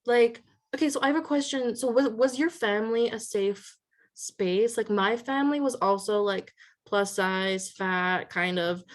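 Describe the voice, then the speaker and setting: A woman hosting a casual interview, chatting with many fillers. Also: unhurried. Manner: chatty, many "like" fillers, quotes people in a higher voice. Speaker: podcast host.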